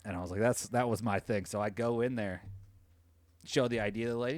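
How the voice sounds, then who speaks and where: A man co-hosting a podcast who tells a story in casual chat, swears freely and jumps into a high voice when he quotes people. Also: fairly quick, no room sound. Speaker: podcast co-host.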